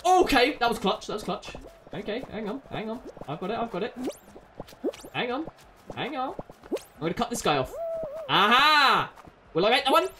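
A woman commentating her own gameplay, excitable and yelling at other players. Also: fairly high pitch, moderate pace, pauses often, over music. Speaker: gaming channel host.

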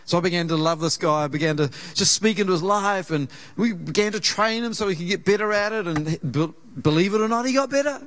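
A pastor with a New Zealand accent preaches a sermon from the pulpit of a church auditorium, his voice fairly high for a man and a bit bright. He shares a personal story earnestly and conversationally, taking on the voices of its characters. His pace alternates between brisk narration and slower, lower moments of emphasis.

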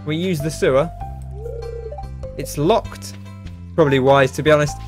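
A man's voice: on the high side, a little slow, faint music behind. A young man casually commenting on a video game as host, chatty with wry asides. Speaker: let's play host.

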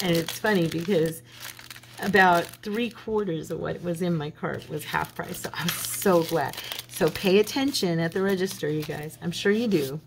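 A woman's voice: lowish voice, moderate pace, creaky, background noise. A woman hosting a craft channel, chatting and rambling through a story while she works at a home craft table. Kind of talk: casual chat while crafting.

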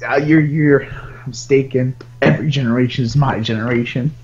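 A man's voice: medium pitch, steady tone, normal speed, darkish tone, lo-fi sound, a little hiss or hum. A man chatting casually while playing a video game, playful and teasing, muttering and humming along as he plays. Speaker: gaming streamer.

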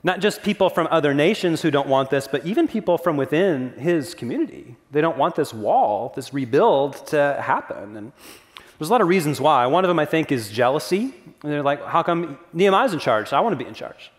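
A man's voice: fairly high pitch, lively intonation, moderate pace. A man preaching a sermon as pastor, earnest and conversational, with casual asides to the congregation. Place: church sanctuary. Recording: long reverb of a church hall.

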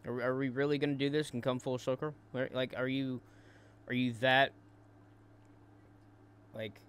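A man hosting a commentary show, taunting and crude, tripping into quick repeated words as he mocks. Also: mid-range voice, level tone, clean tone. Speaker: commentary host. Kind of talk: mocking commentary.

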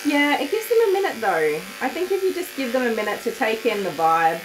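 A woman's voice: fairly high pitch, sing-song, brisk, background noise. A woman dog groomer hosting a casual livestream from her salon, chatty and easily emotional.

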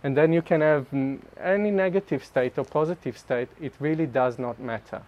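Animated man giving a spiritual talk. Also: a little high, normal speed, highs cut off. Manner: animated and self-mocking, laughing often mid-sentence. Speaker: speaker sharing at a group retreat.

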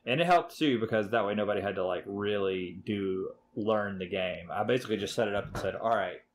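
A man with a lowish voice hosts a casual board game podcast. He talks with eager, rambling enthusiasm and plenty of fillers, and a faint noise sits under the recording. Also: a little fast. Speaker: podcast host.

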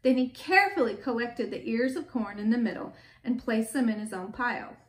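A woman reading a picture book aloud to children, gentle and stopping to ask them questions. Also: a little high, animated, a little fast. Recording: echoey room with faint background.

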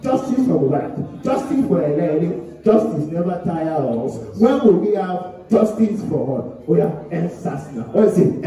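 A man with a Nigerian accent performing spoken word poetry, chanting rhythmic repeated lines and shouting refrains. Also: high voice. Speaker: performance poet. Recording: echoey hall from far off, music and crowd.

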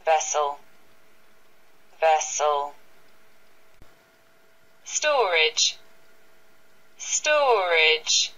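A woman reading English vocabulary words one at a time for learners, saying each word twice with pauses between. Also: low voice, sing-song, bright, forceful tone, rough recording. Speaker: vocabulary reader.

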